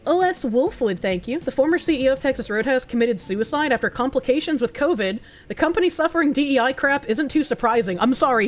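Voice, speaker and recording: A woman streamer with a rough throat, reading chat and news aloud with blunt, sarcastic asides and frequent swearing. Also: fairly high pitch. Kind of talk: casual livestream chat reading donations.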